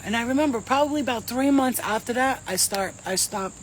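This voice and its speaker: A woman's voice: on the high side, a little fast, hardly any pauses, noisy background. A woman, a psychic medium and host, telling a story to a live audience in casual, streetwise slang, with lots of swearing. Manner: animated, profane, streetwise slang.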